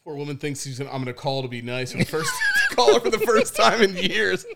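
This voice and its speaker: A man's voice: fairly high pitch, huge pitch swings, fairly quick, vocal fry, noisy background. A male podcast host in casual chat who laughs often and swears freely.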